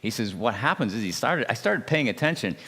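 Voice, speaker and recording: A man, an ordained minister, giving a folksy, anecdotal talk at a church marriage seminar and gently teasing his audience. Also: mid-range voice, very animated, fairly quick. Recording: reverberant hall sound.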